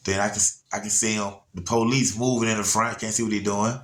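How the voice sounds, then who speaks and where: A man, telling a story in a slightly low voice. He rambles in a laid-back way, circling back and checking in with his listeners. It is casual, unscripted storytelling. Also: little pitch movement, fairly quick. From Atlanta area, USA. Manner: rambling, laid-back, frequent "you know what I'm saying".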